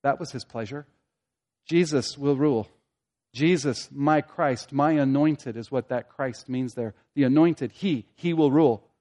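In this expository sermon, a man speaks at a measured pace, rising to forceful, loud climaxes and then dropping to hushed asides. Repetition and rhetorical questions carry his emphasis.

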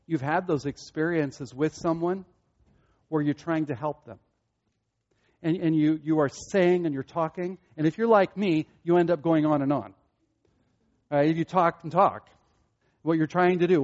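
A man preaching a sermon earnestly, repeating himself and building to excited peaks. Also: on the high side, dull audio. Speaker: pastor.

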